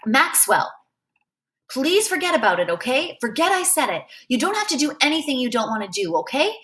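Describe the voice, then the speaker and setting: A woman's voice: high-pitched, big pitch swings, brisk, fairly bright tone, voice pushed up. A woman voicing a kind woman school principal who speaks in a soothing, earnest way. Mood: reassuring.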